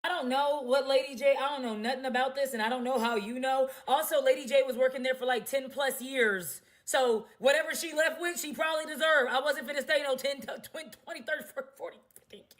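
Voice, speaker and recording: A woman with a high voice vents defiantly in a casual monologue. She is sharp-tongued and laughs often between her jabs. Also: a little fast, few pauses. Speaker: content creator in clip.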